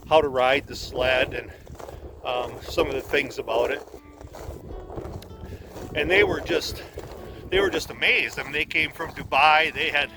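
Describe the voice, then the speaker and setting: A man from Wisconsin, a former sled dog guide, telling stories in a casual, rambling way with many restarts. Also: a little high. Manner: rambling, repeats words as he restarts. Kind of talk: casual storytelling.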